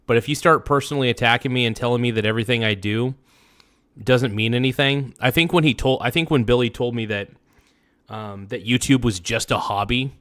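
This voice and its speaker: Male streamer, mid-pitched, upset, profane, rambling rant with sudden spikes. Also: a bit bright. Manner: heated, profane, repeats himself, swings between muttering and outbursts. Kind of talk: angry live-stream rant.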